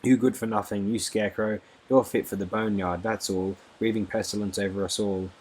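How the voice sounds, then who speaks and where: A man voicing a spiteful, coarse older woman who keeps a brothel, with a loud, mocking manner. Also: fairly low pitch, flat delivery, brisk, slightly rough, low-quality recording. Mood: scornful.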